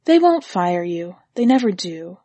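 A woman reader playing a weary young wife who pleads with strained earnestness in a higher voice. Her tone is slightly husky. The recording is close and dry. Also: sing-song, a little slow, dark tone, dry recording, heavily acted. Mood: pleading. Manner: earnest, strained, rising to anger.

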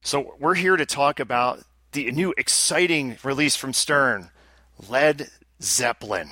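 Chatty podcast dude, bright forceful voice, dry close sound, laughs a lot. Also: male voice, mid-range voice, a little slow, no room sound. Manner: chatty, animated, laughs easily, rambles. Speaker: podcast co-host. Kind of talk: casual chat. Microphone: remote call.

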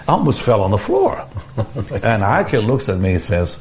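An older man telling a personal story in an interview, animated, often repeating words, restarting phrases and chuckling. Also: fairly low pitch, moderate pace. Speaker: evangelist guest telling a story.

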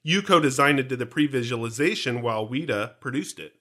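A man's voice: mid-range voice, brisk. A man hosting a fan podcast, chatting casually and teasing his co-host with jokes. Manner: joking, teasing, animated.

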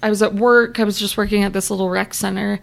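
A woman's voice: mid-range voice, flat delivery, fast, creaky. A young adult woman, an interview guest, telling a personal story in a candid, chatty way and acting out remembered dialogue.

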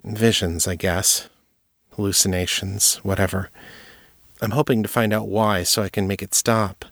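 A man voicing a guarded, troubled young woman telepath who speaks quietly and earnestly in a storybook reading. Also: lowish voice, fairly even intonation, normal speed, dry recording, clean studio sound. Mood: weary.

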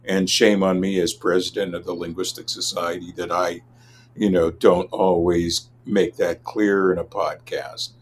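A man from Los Angeles, a linguist answering interview questions in a measured, academic way. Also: sits low, little pitch movement, slight background noise. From Los Angeles, USA. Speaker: linguist, guest expert.

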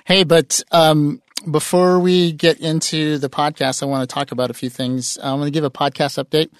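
A man's voice: fairly high pitch, level tone, moderate pace, smooth, no echo. A man hosting a podcast in a studio, chatting loosely with his guests and laughing often. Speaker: podcast host. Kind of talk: casual podcast chat.

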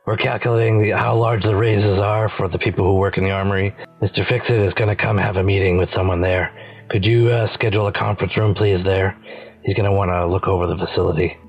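A man's voice: sits low, steady tone, quick pace, slightly rough, muffled recording. A man playing a tabletop role-playing game, laid-back and prone to chuckling as he plans. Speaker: player.

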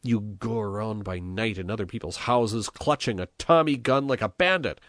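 A man's voice: on the low side, normal speed, fairly bright tone, no room sound, voice pushed up, lightly acted. A man reading an audiobook, voicing a shrewd, combative village priest who mocks his rival with dry sarcasm. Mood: firm. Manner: mocking, sardonic.

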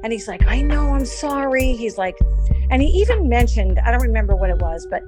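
A woman's voice: a little high, sing-song, fast, over music. Woman rambling through her own story. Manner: rambling, with frequent restarts and quoted dialogue. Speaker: victim telling her story. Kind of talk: casual recounting in an interview.

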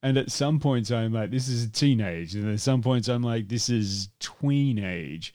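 A man's voice: medium pitch, moderate pace, a little mellow, smooth. A man co-hosting a casual movie podcast, rambling, with many restarts and fillers and some swearing. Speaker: podcast co-host.

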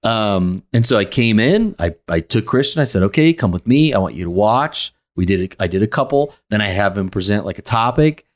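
A man co-hosting a podcast and coaching a sales team, talking in a relaxed, reflective way with frequent "um"s. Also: fairly low pitch, brisk, hardly any pauses. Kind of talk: casual podcast chat.

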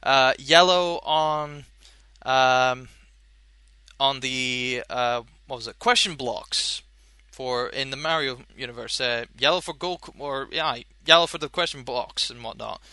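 Rambling man with a bright voice. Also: medium pitch, a little slow, smooth, dry recording. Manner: rambling, many fillers and restarts. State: chewing gum. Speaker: podcast host. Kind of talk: casual chat.

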